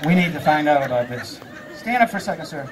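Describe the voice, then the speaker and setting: A fast-talking stage hypnotist with an expressive, highish voice runs his live theater show, recorded from a distance. Some chatter and slight background noise sit behind his patter as he gives playful commands to volunteers and laughs often.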